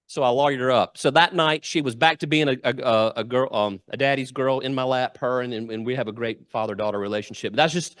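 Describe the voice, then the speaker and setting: A man's voice: medium pitch, brisk, few pauses, no echo, clean studio sound. A middle-aged man, giving a humorous storytelling speech and acting out the quotes. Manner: lively anecdotal storyteller, acts out quotes. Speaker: guest speaker. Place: club meeting room.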